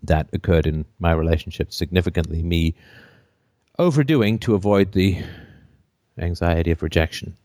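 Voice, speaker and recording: A call-in host with a low man's voice talks through a caller's problem at length. He slips into joking bits and acted-out lines as he goes. The sound is dry and close. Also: normal speed, dry recording. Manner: animated, acts out silly voices and jokes. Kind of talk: call-in show advice talk.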